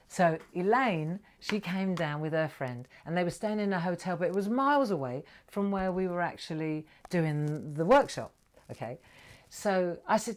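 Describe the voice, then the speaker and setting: A woman's voice: fairly low pitch, darkish tone. A woman hosting a live craft show, chatting and telling stories with a laugh. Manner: chatty, storytelling, laughs at own jokes. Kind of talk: live craft demonstration chat.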